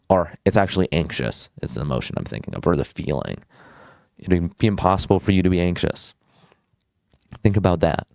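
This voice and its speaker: A man's voice: low-pitched, darkish tone, no room sound. A young man giving casual self-improvement advice, blunt and crude, full of "like" and jumping between tangents. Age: young adult.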